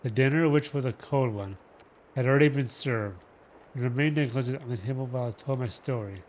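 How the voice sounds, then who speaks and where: A man reading a novel aloud on a livestream, dramatic and slow with shifting emphasis. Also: mid-range voice, a little mellow, a little hiss or hum. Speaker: reader.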